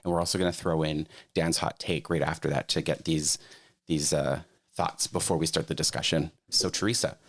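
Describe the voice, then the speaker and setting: A woman's voice: very deep voice, fairly even intonation, brisk, slightly rough. A woman co-hosting a podcast, running the trivia and telling behind-the-scenes stories in a chatty, casual way. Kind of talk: casual chat.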